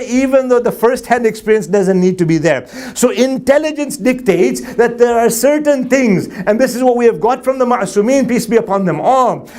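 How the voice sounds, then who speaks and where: A man preaching a sermon to a congregation, joking with the audience and acting out little dialogues. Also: very high-pitched. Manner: animated, jokes with audience, acts out dialogue. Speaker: Muslim preacher. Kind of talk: sermon with anecdotes. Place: mosque hall before a crowd.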